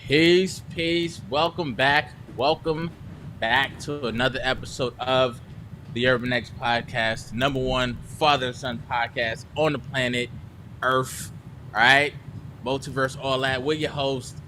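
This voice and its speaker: A man's voice: medium pitch, fairly even intonation, unhurried, bright, forceful tone, slight background noise. Upbeat young man hosting a podcast. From United States. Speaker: podcast host. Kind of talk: casual chat.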